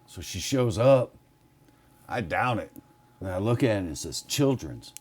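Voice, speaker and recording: A man in casual chat telling a story in an animated, profane way. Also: lowish voice, moderate pace. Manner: animated, profane anecdote teller.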